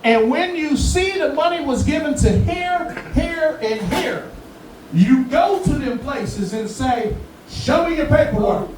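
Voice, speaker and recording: A man hosting a live community event, talking casually to the crowd in a profane, joking, animated way. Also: very high voice, slow pace. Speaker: event host. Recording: very echoey room, far from mic, audible background noise.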